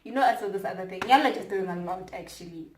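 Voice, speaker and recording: A young South African woman co-hosting a casual chat, ranting in animated, emphatic repeats. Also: mid-range voice, fast, slight background noise. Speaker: co-host. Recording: echoey room.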